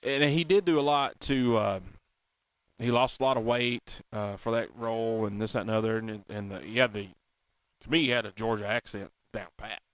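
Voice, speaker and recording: A man co-hosting a casual talk show, animated and chatty, often slipping into quoted movie lines. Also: lowish voice, moderate pace, clear, resonant tone, no echo. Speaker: podcast co-host. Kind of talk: casual chat.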